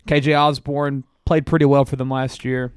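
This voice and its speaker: Male podcast co-host, casual and musing, working through a roster; crisp, dry. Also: mid-range voice, little pitch movement, normal speed, dry recording. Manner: reads through a team roster, musing aloud with many "uh"s. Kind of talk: casual sports chat.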